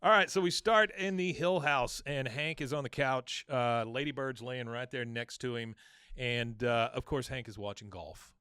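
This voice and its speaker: A man's voice: medium pitch, moderate pace, sharp tone, clear, resonant tone, no echo, clean studio sound. A man hosting a podcast, recapping an episode in a playful casual chat. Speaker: podcast host.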